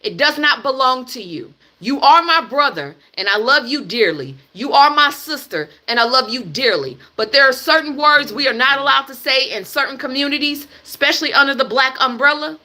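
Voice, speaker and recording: A woman's voice: high-pitched, animated, normal speed, hardly any pauses, sharp tone. A young American woman hosting a livestream, delivering a heated, blunt and profane rant and hammering her points with repetition. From United States. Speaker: livestream host.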